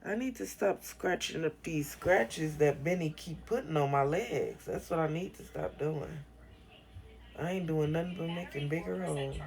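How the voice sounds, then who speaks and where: A woman's voice: low voice, moderate pace, vocal fry, a little mellow. A woman hosting a casual livestream from her bedroom on her phone, blunt and profane, chatting loosely and thanking viewers for gifts. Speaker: livestream host.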